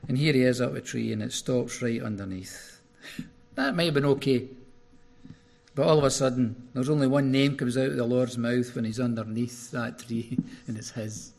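Gravelly-voiced man preaching. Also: mid-range voice, moderate pace. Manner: animated storytelling with sudden rises. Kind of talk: sermon.

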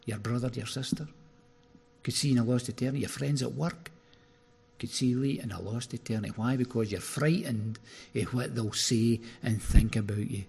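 A man preaching a sermon, retelling a story in an animated way with sudden rises in his voice. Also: mid-range voice, moderate pace, creaky, breathy edge.

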